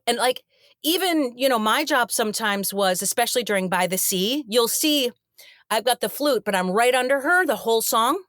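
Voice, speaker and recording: Animated woman telling a backstage story. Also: mid-range voice, no echo, studio quality. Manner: animated, acts out quoted dialogue. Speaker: actress guest. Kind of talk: casual storytelling interview.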